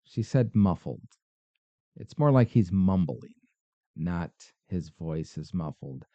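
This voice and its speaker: Here a man with a low, expressive voice talks slowly while reacting to paranormal clips on his podcast, skeptical and sarcastic throughout. The sound is lo-fi, with no room sound.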